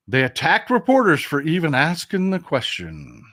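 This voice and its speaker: Fired-up profane political talk host. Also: male voice, a little high, moderate pace, hardly any pauses, dry recording, studio quality. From Texas. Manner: profane, animated, talks straight to viewers as folks. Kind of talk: casual political livestream rant.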